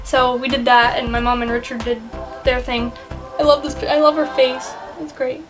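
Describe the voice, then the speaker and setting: Giggly high-voiced young woman vlogging. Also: level tone, music in the background. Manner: giggly, chatty, quickly shifting between quoted voices. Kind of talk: casual chat recounting a fan convention.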